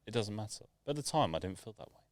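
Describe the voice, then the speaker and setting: Lively, low-voiced man. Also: very fast, no echo. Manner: animated, sweary storyteller. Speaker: podcast co-host. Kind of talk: casual chat.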